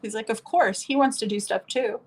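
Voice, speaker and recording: A woman's voice: on the high side, a little fast, breathy edge, rough recording. A young woman from New Orleans chatting casually and laughing while she does her makeup on a stream. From New Orleans, USA.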